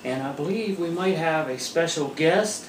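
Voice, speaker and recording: A man hosting a casual home movie review, chatting in a relaxed way and laughing between points. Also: on the high side, normal speed. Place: room at home by a table. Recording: roomy echo, mic far off, faint hiss.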